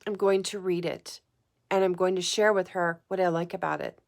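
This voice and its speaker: A woman's voice: fairly low pitch, steady tone, moderate pace, creaky. A woman talking straight to the camera in a heartfelt personal vlog, earnest and emotional, repeating phrases for emphasis and close to tears. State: tearful at times. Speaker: psychic vlogger. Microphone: camera mic, talking to camera.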